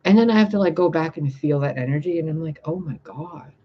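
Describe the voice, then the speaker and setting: A spiritual reader speaking bluntly and profanely in a casual livestream rant, reading out viewer comments and answering them. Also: male voice, a little high, fast, dull audio, a little hiss or hum.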